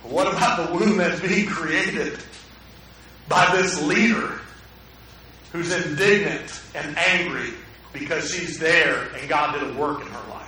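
A pastor preaching a sermon in a conversational way, often putting questions to the congregation, in a church sanctuary. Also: male voice, on the high side, unhurried, sharp tone, slight background noise. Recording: echoey hall, mic at a distance.

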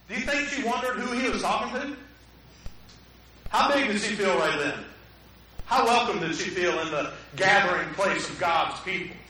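A pastor preaching a sermon in a conversational way, often putting questions to the congregation, in a church sanctuary. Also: male voice, sits high, expressive, moderate pace, bright, forceful tone. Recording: echoey hall, mic at a distance.

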